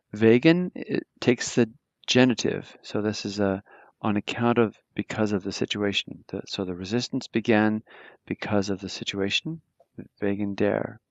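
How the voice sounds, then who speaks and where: Patient, lower-voiced male German teacher. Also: gravelly, dry recording, muffled recording. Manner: explains patiently, with frequent fillers and restarts. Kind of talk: live online grammar lesson.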